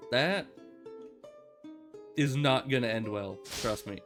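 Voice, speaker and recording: A man's voice: medium pitch, slow pace, pauses often, fairly bright tone. A man streaming a game, giving casual sarcastic commentary with rambling asides, over guitar music.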